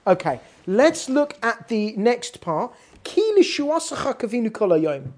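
A woman's voice: on the high side, sing-song, measured pace, a little mellow. A woman giving a weekly Torah class on prayer, talking emphatically with frequent restarts. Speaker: Torah teacher.

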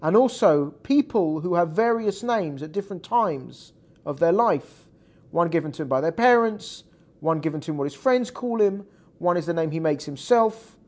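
A man's voice: a little high, animated, moderate pace. A man teaching a Torah class in an explanatory classroom style, checking in with his students as he goes. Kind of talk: classroom lecture.

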